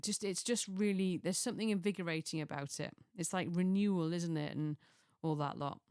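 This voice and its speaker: A woman's voice: lowish voice, a little fast, darkish tone, clean tone, no room sound, clean studio sound. A middle-aged woman from Chester, chatting casually through a list of ideas, rambling and restarting with chuckling asides. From Chester, England. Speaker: lifestyle vlogger.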